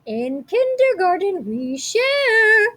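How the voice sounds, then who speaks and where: A woman voicing a bossy, cheerful kindergarten teacher who talks slowly and emphatically. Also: very high-pitched, big pitch swings, fairly bright tone, voice pushed up, heavily acted. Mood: lecturing. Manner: slow, sing-song, emphatic.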